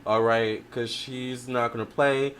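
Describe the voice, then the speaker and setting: A man in a mid-range voice hosting a casual tarot livestream, reading viewer comments aloud and answering them. He talks in a chatty, expressive way, with plenty of fillers and restarts, and he keeps checking in with the audience. A faint hiss sits behind his voice. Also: medium pitch, a little slow. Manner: addresses viewers directly with frequent "all right?".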